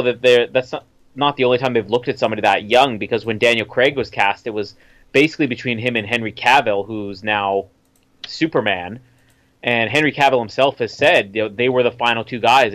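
A man co-hosting a casual film chat, talking in a measured, explanatory way. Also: medium pitch, a bit bright. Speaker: podcast co-host.

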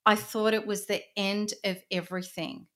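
A middle-aged woman, an interview guest, telling her personal story in an earnest, intense way, often dropping to a hushed voice. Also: mid-range voice, level tone, moderate pace.

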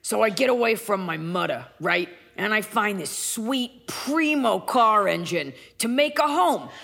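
A woman's voice: mid-range voice, lively intonation, unhurried, vocal fry, fairly bright tone, exaggerated voice. A woman voicing a grumpy, streetwise female cat who talks tough with double negatives. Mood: grumbling.

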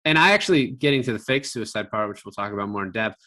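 A man with a bright, forceful voice chats casually about a film. He gets animated, drops swear words for emphasis and acts out the characters' lines in his own voice. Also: lowish voice, quick pace. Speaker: podcast co-host discussing a film. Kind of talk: casual conversation.

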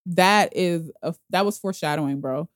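A woman telling a story in casual podcast chat, slangy and animated, acting out other people's voices. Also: fairly low pitch, normal speed, dry recording, clean studio sound. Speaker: guest telling her proposal story.

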